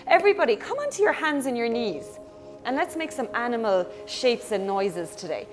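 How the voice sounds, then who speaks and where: A woman's voice: on the high side, big pitch swings, moderate pace, music in the background. A young Irish woman leading a children's yoga class, playful and encouraging as she talks to the kids at home.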